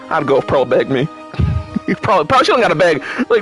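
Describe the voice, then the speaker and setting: A man's voice: on the high side, sing-song, normal speed, fairly bright tone, faint music behind. A man playing through a game and reacting to it in casual commentary, with exasperated, profane rants and stumbling restarts. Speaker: gamer reading and reacting to game dialogue.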